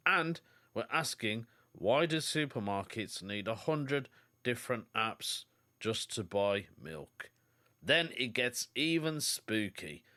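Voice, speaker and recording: A man's voice: mid-range voice, a bit bright. British male podcast host, chatty solo rambler, mid-range voice. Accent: British English. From United Kingdom. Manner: chatty, rambling anecdotes with put-on quoted voices. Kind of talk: casual solo podcast chat.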